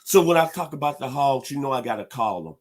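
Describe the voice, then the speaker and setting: Husky man hyping college football. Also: medium pitch, fast talker. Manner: animated, preacher-like hype with loud hog calls. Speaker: sports talk show host. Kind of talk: sports talk commentary.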